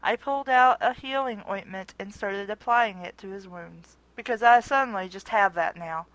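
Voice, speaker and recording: A woman's voice: mid-range voice, normal speed, fairly bright tone. A woman doing a comedic reading of fanfiction aloud, with joking asides. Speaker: fanfiction reader.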